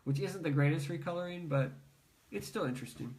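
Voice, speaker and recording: A man's voice: fairly high pitch, a little fast, darkish tone, recorded from a distance, poor audio. A man on a podcast earnestly summarizing a comic's plot in long run-on explanations. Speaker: podcast co-host. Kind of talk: casual chat about comics.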